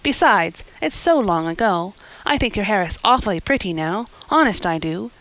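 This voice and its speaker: A woman's voice: medium pitch, animated, normal speed, a bit bright, poor audio. A half-shy, proud teenage boy from a storybook, read by a woman close to her own voice. He speaks with plain, pleading earnestness.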